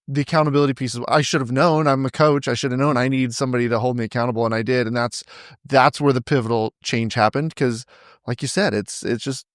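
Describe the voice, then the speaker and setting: A man's voice: medium pitch, dry recording, studio quality. A man hosting an interview podcast, a coach himself, thinking aloud in a reflective, self-deprecating way.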